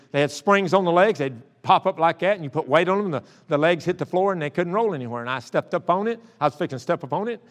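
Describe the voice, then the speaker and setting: An older man preaches, his voice pitched high for a man. He moves from folksy, joking stories to fervent appeals. Long reverb from the church hall trails his words. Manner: folksy storytelling that builds to impassioned preaching. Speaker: pastor. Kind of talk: sermon. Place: church sanctuary.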